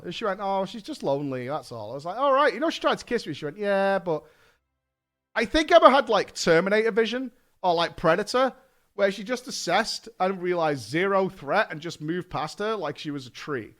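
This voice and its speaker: A man's voice: sits high, fairly quick. A man telling a story casually to his stream chat. He swears freely and acts out the lines of the people in the story. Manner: animated, swears a lot, acts out quotes. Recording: faint music behind.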